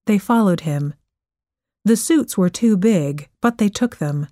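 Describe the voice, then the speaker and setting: A woman narrating a story in a clear, measured way. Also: mid-range voice, animated, dark tone, dry recording, studio quality. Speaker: audiobook narrator.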